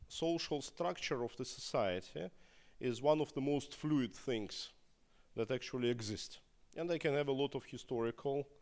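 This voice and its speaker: A Russian man whose first language is Russian, answering audience questions in English at a live talk in a halting way, with many fillers and restarts. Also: mid-range voice. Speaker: opposition politician guest.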